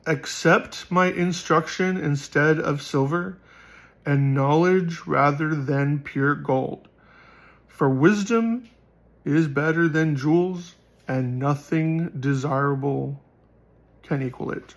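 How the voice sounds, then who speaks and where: A slow, declaiming fantasy voice of Wisdom, raised and proclaiming, as a man puts it on. The tone is raspy, with a gravelly edge that rides under every line. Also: fairly high pitch. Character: Wisdom personified, grand proclaiming fantasy narrator.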